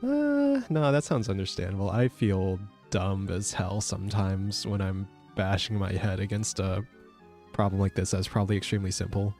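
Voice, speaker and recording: A man streaming as a VTuber, chatting casually while he codes, joking at his own expense and sometimes breaking into high squeaky yelps. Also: steady tone, moderate pace, darkish tone, soft background music. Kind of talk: casual chat while coding.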